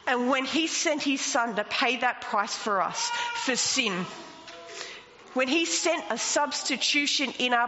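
A woman preaching a sermon, emphatic and rising into passionate declarations. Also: a little high. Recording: long reverb, dull lo-fi sound, faint noise.

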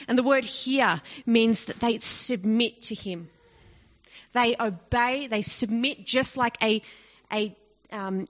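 Woman teaching scripture, conversational, higher voice. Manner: explanatory, conversational, with rhetorical questions. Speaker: bible teacher. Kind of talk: bible study teaching. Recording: dull lo-fi recording.

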